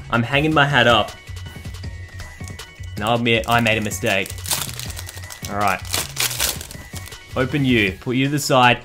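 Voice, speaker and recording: Guy vlogging, excitable, talking over music in the background. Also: mid-range voice. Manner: excitable, swings between hushed and loud hype. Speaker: YouTube host opening card packs. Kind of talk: casual vlog commentary.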